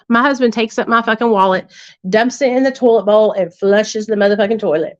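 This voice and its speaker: This livestream host has a fairly high, fairly bright voice and keeps a steady tone at a moderate pace. She tells her viewers a candid, profane story peppered with tag questions. There's no room sound, and the audio comes across dull, dry and lo-fi.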